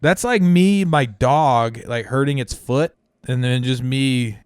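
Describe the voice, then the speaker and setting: A man co-hosting a comedy podcast who rambles through crude stories, acting out every quote with plenty of swearing. His voice sits at an ordinary middle pitch. The sound is close and dry, with no room echo. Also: slow pace, darkish tone, clear, resonant tone. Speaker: podcast co-host. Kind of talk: casual comedic chat.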